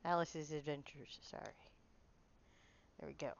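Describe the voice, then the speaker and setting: Brief: a low-voiced woman streamer with a dull lo-fi mic, chatty and self-deprecating. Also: steady tone, a little slow, gravelly. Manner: apologetic, chatty, laughs at herself. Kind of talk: casual gameplay chat.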